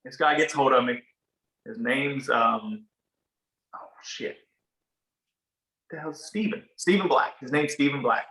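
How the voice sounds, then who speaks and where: A man in his thirties with a rural Ohio accent, speaking in a bright, forward voice. He tells a story in an easygoing way, curses freely and plays out the dialogue. The room is echoey. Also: mid-range voice, moderate pace. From small town in Ohio. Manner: laid-back, swears, acts out quoted dialogue. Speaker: podcast guest, barber. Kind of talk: casual storytelling.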